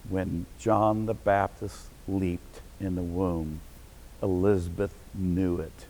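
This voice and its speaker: A middle-aged man preaching a sermon as pastor, breaking into sudden shouted bursts of excitement. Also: low-pitched, a little slow, slight background noise, poor audio.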